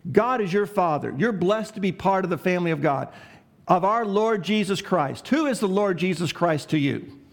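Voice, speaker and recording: High-voiced man preaching a sermon. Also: lively intonation, moderate pace, vocal fry. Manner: asks the congregation questions and lets them answer; preaching with emphatic, varied delivery. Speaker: pastor.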